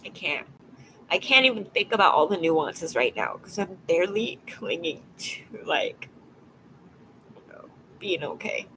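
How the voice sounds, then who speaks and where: A woman live streams a casual chat with viewers, her lowish voice sing-song yet teary and emotional. She speaks haltingly and softly, often trailing into a whisper, over slight background noise and poor audio.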